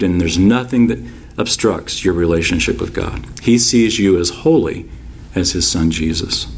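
A man's voice: on the low side, a little mellow. A man preaching a sermon as a pastor, stressing key phrases by repeating them and telling folksy personal stories with asides.

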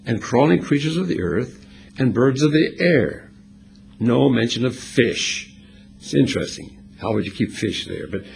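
A male pastor delivers an expository sermon, his gravelly voice rising and falling with animated emphasis. He explains scripture at a conversational pace. A faint hiss of noise sits under the recording. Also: mid-range voice.

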